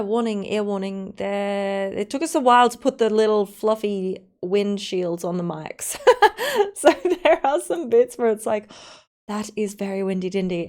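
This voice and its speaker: An Australian woman chatting casually on a live stream, rambling and giggling as she talks. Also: mid-range voice.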